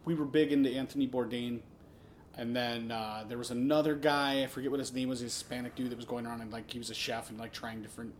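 A man's voice: mid-range voice, steady tone, fast, a little hiss or hum. A man co-hosting a casual podcast from his garage, telling stories in a rambling, jokey way. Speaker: podcast co-host. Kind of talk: casual chat. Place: home garage.

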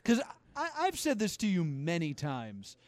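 A man's voice: fairly high pitch, huge pitch swings, a little slow, dry recording. A man hosting a podcast interview in a casual way, often laughing and apologizing. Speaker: podcast host.

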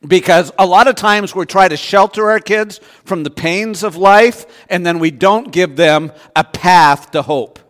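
A man's voice: high voice, a little slow, hardly any pauses, long reverb tail. A male pastor preaching a sermon in a church, talking to the congregation in a conversational way and often asking rhetorical questions.

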